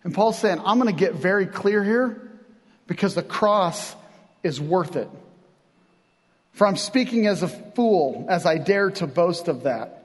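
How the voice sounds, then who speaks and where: High-voiced pastor preaching in a reverberant hall. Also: male voice. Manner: animated, conversational preaching with acted-out quotes. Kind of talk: sermon. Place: church.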